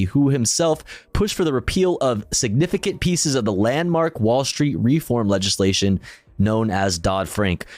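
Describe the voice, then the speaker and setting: A man's voice: mid-range voice, no echo. A male streamer casually reading news articles aloud and commenting, profane and self-deprecating, often stumbling over his words.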